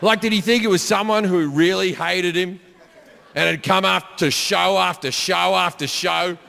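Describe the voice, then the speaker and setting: A man performing a stand-up comedy set on stage. He tells profane stories and mimics people in loud bursts. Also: high voice, steady tone, normal speed, gravelly, a little hiss or hum. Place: comedy stage before a live audience. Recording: live stage with long hall reverb and faint crowd ambience.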